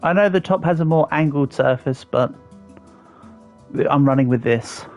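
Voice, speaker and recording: A man's voice: a little high, normal speed, a little mellow, soft background music. An English man in his thirties, chatting casually on a live stream and answering viewers' comments as he builds. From England. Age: 30s. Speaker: livestreamer.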